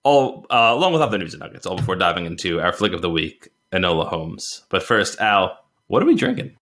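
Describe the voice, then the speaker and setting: A man's voice: sits low, very animated, fairly quick, a bit bright. A man co-hosting a podcast in casual chat, teasing and laughing often. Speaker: podcast co-host.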